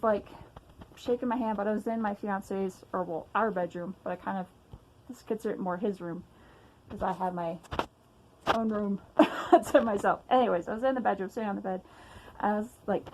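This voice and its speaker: A woman's voice: mid-range voice, a little mellow, slight background noise, rough recording. A young woman ranting to camera at home, agitated and emphatic, often sighing and swearing. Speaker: vlogger. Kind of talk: casual personal rant to camera.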